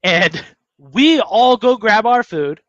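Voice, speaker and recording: A man's voice: high-pitched, takes it slowly, no room sound, muffled recording. A man co-hosting a podcast, telling a story in casual chat and acting out the people in it. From United States. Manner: animated storyteller, acts out quotes. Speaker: podcast co-host.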